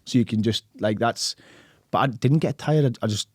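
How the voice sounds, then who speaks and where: A man in his thirties, a podcast guest telling stories in a rapid, animated way, acting out voices and swearing casually. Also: mid-range voice, no room sound, clean studio sound.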